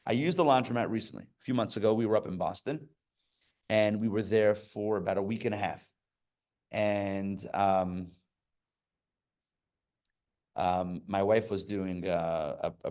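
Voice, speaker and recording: A man's voice: fairly low pitch, darkish tone. A man, a rabbi, teaching a live class in a casual, chatty way, with joking asides and frequent fillers and restarts. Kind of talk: casual Torah class with stories. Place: live class before an audience.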